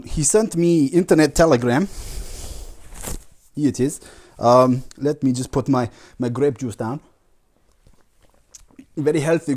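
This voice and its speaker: A man's voice: medium pitch, warm tone, voice pushed down, close to an everyday voice. A man voicing a pompous foreign archery champion who halts and searches for words, with a congested nasal voice. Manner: halting, searching for words, mock foreign phrasing.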